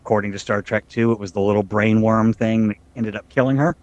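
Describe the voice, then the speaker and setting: A man's voice: quick pace, dry recording, muffled recording. Chatty male podcast co-host. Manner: chatty, jokey, drifting pitch when excited. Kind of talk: casual chat.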